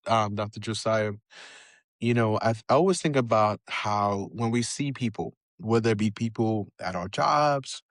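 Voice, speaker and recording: A man's voice: mid-range voice, a bit bright, no echo. Reflective male podcast host, dry sound. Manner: reflective, many "you know" fillers, asks long questions. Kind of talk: interview conversation.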